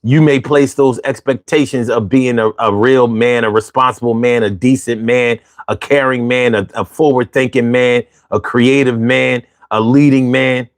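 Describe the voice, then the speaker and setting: A man hosting an easygoing talk show, speaking at a mid pitch and chatting straight to his viewers. He poses rhetorical questions one after another and says key phrases twice to drive them home. His delivery stays loose and conversational throughout. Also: steady tone, normal speed, hardly any pauses, no echo, clean studio sound. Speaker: vlog host.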